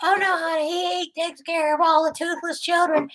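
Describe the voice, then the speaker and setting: A lovesick, gullible woman who coos and frets in a piercingly high voice that hardly moves up or down, put on by a man as a prank. She sounds tearful and devoted, smothering her listener in endearments. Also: flat delivery, moderate pace, fairly bright tone, poor audio. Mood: doting gullible. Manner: doting, tearful, naive sweet-talk. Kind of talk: prank call role-play.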